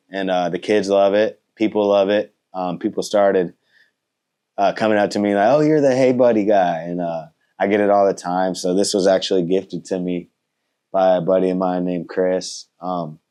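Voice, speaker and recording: Deep-voiced laid-back thirty-year-old man. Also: smooth. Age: 30s. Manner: relaxed, polite, lots of fillers and trailing off. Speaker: motorcycle racer and content creator. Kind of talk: casual interview answers.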